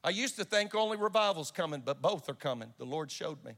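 A man preaching in a church with a gravelly, slightly raised voice. He tells his story earnestly and stumbles over his own restarts. A long echo rings off the hall around him. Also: on the high side, expressive, brisk, a bit bright. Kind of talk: sermon with personal storytelling. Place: church sanctuary.

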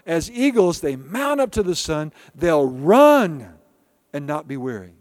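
A man preaching a sermon with a fairly high voice. He hammers repeated refrains and calls on listeners to answer back, then falls to near-whispers. The sound is close and dry, with no room echo. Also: sing-song, a little slow. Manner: emphatic preaching with repeated refrains and call-and-response; swings between loud declarations and soft hushed lines. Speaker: pastor.

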